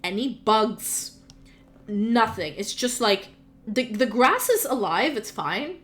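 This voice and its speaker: A woman's voice: a little high, very animated, takes it slowly, a bit bright. A woman narrating a tabletop game as game master, casual and chatty with frequent fillers.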